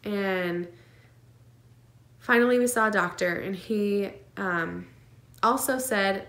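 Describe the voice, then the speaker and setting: Woman vlogger telling a scary personal story, earnest and emotional, lots of ums and little laughs, mid pitch, echoey room. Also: slow pace, fairly bright tone. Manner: emotional, earnest, many fillers and nervous laughs. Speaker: vlogger sharing her twin pregnancy.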